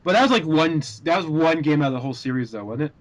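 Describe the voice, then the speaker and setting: A man's voice: on the high side, expressive, quick pace. Rambling young man chatting casually. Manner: rambling, filler-heavy, laughs often. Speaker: podcast host. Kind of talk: casual group chat.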